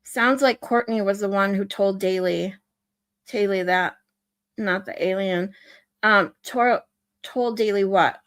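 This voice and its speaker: A livestream host reads viewer comments and answers them in an exasperated rant during her casual stream, reacting to chat as she goes. Her voice is medium in pitch and a bit bright, and she speaks slowly.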